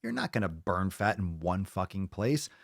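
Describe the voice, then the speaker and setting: A man's voice: deep voice, wildly swooping pitch, moderate pace, vocal fry, no room sound, clean studio sound. A man hosting a fitness podcast in casual chat, ranting bluntly and swearing often. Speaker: podcast host.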